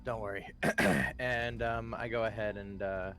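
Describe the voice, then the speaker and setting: A man's voice: on the low side, fairly even intonation, takes it slowly, bright, forceful tone. A man playing in a tabletop game, joking around and laughing between questions, with music playing behind. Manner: jokey, laughs often. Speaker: player. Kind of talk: casual tabletop role-play.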